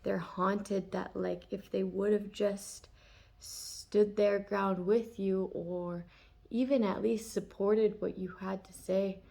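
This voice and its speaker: A woman's voice: mid-range voice, flat delivery, slow, vocal fry, warm tone. A woman giving a casual, chatty tarot reading, laughing often and full of fillers. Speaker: tarot reader.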